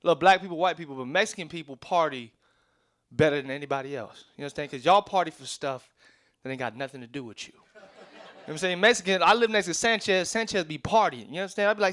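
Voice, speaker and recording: A man's voice: fairly high pitch, fast, a bit bright. A man doing stand-up comedy, working the crowd in a slangy, teasing way.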